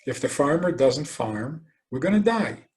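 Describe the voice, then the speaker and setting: A man speaks as a rabbi delivering a lecture. His pitch sits right in the middle. He tells his points as lively stories and leans on rhetorical questions. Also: measured pace. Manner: animated storytelling, acts out quoted voices.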